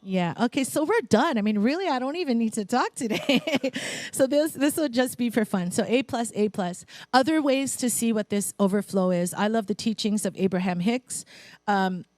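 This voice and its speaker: A woman giving a relaxed, conversational sermon to her spiritual congregation. She talks in a playful way, breaking off for asides and light laughter. Her voice sounds close and dry. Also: a little high, normal speed, no room sound. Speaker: speaker at a spiritual center. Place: spiritual center congregation, in Hawaii.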